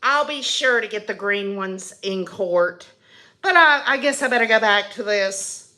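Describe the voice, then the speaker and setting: A woman's voice: mid-range voice, lively intonation, a little slow, bright, forceful tone. A woman hosting her own channel, delivering a mocking, sarcastic comedy monologue in character with crude asides. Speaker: host of a satirical channel.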